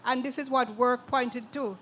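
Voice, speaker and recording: A woman's voice: a little high, steady tone, unhurried, fairly bright tone, a little hiss or hum. An older woman with a Jamaican accent, speaking as a writer in an interview, emphatic and earthy, often closing her points with "okay". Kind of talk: conversational interview at a literary event.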